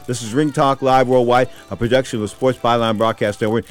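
A man hosting a boxing radio talk show, telling stories with animated asides and repeated catchphrases. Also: medium pitch, fairly quick, hardly any pauses, faint music behind. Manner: animated storyteller, repeats "I kid you not".

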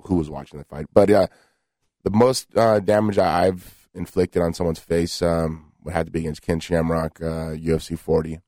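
Brash, boastful fighter type, a man with a very deep voice, dry close studio mic. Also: level tone, a little mellow, no echo. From United States. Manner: brash, boastful, halting with fillers. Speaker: fighter guest. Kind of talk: radio interview. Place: radio studio.

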